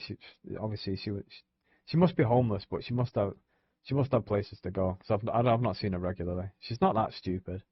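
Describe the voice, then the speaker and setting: Husky, rambling young man. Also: on the low side, no echo, muffled recording. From England. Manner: meandering, swears often, fillers like "you know what I mean". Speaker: streamer. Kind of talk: casual rambling monologue.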